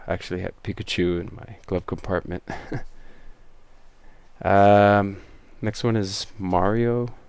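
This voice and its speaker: Deep gravelly man, rambling commentary. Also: darkish tone, dry recording. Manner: rambling, many fillers and restarts. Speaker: show creator and host. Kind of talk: casual behind-the-scenes commentary.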